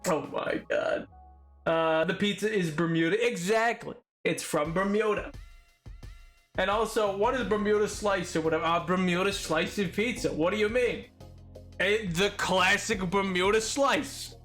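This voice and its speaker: A young man streaming, bantering with his chat in an excitable way, stammering over repeated words and breaking into laughter often. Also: high voice, measured pace, faint music behind.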